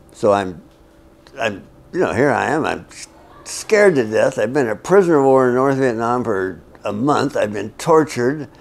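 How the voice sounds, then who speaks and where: Older male veteran, mid-range gravelly voice, candid wry storyteller. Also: mid-range voice, darkish tone. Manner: wry, frank, halting with restarts. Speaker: interviewee, war veteran. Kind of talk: personal storytelling.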